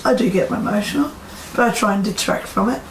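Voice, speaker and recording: A psychic medium with a medium-pitched voice talks fast as she tells a story to a live audience, chatting, quoting people in acted voices, and asking the crowd questions. The room is echoey with faint ambience and slight background noise.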